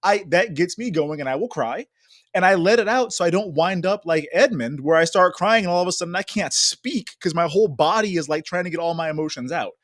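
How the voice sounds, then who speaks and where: A talkative young man with a fairly high voice, chatting loosely and laughing now and then. He slips into playful impressions of other people. The sound is close and dry, with no room around it. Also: expressive, a little fast, fairly bright tone, no echo. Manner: chatty, laughs often, acts out quoted voices. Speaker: podcast co-host. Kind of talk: casual chat recapping a reality show.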